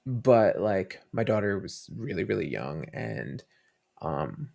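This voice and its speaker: A man's voice: low-pitched, big pitch swings, takes it slowly, vocal fry, a little mellow. A man who is a father, guest on a fan podcast, telling stories in a rambling, casual way with many fillers and restarts. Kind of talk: casual interview chat.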